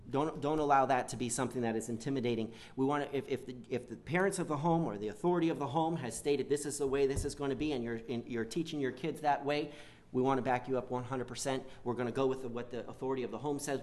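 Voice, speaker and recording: Halting man preaching a sermon. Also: medium pitch, a little mellow. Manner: halting, repeats words, acts out quoted whining.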